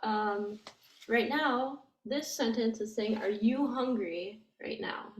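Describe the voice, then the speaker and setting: A woman teaching language grammar, explaining step by step in a patient way and thinking aloud with many fillers. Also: medium pitch. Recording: echoey room with faint noise.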